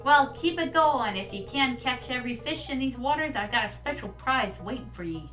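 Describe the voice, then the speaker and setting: A woman's voice: high voice, lively intonation, moderate pace, a bit bright, recorded from a distance, faint music behind. A woman voicing a friendly older male fisherman in a game, with folksy old-sailor talk.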